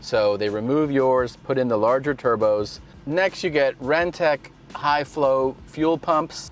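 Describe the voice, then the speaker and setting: A man, a touring comedian, casually telling profane, rambling stories from inside a car. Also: mid-range voice. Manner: laid-back, profane, rambling storyteller. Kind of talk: casual storytelling vlog.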